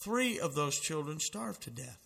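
Male preacher, emphatic sermon delivery, bright tone, long reverb. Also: a little high, very animated, a little slow, vocal fry, husky. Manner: fervent, emphatic preaching with dramatic quotations.

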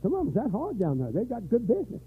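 Older man, preacher, husky, highish voice, shouting peaks, tinny old recording. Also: huge pitch swings, quick pace. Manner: swings from low weary talk to shouted, high-pitched preaching. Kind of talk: revival sermon.

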